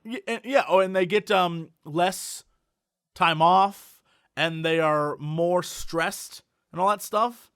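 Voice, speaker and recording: A young man co-hosting a comedy podcast, bantering in a quick, excitable, incredulous way. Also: high-pitched, smooth, dry recording, clean studio sound. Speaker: podcast co-host. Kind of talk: casual comedy chat.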